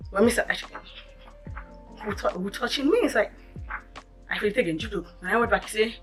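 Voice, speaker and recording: A woman with a Caribbean English accent, telling a storytime vlog in an animated, emphatic way. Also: medium pitch, a little fast, faint music behind. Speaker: vlogger.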